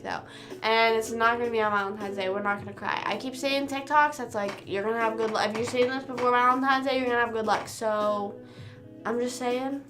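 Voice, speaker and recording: Young woman, casual livestream chat, rambling, self-deprecating, bright tone, slightly high. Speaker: streamer.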